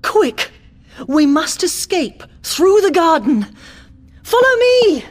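A woman's voice: extremely high pitch, big pitch swings, takes it slowly, pitched above the performer's own voice, heavily acted. A woman voicing a bold, scheming noblewoman in a storybook reading, urgent and commanding.

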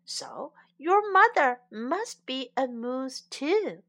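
A stubborn, earnest young moose from a children's storybook, as a woman puts him on. The voice sits high, swoops around a lot and drags each word out slowly. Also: very animated, bright, forceful tone, exaggerated voice. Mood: insistent. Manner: insistent, slow and exaggerated.

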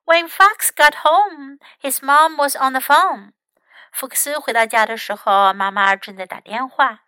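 A woman English teacher reading a bilingual storybook aloud in an expressive, animated way. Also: high-pitched, unhurried, no room sound, low-quality recording.

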